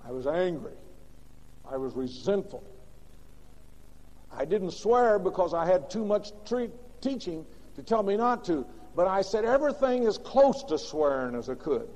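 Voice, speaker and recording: A man preaching from the pulpit, his high-pitched voice carrying a mellow, warm tone. He swings between loud, punchy bursts and hushed, low asides. The old recording is dull and lo-fi, with a long reverb from a large sanctuary. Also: very animated, a little slow. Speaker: pastor. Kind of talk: sermon.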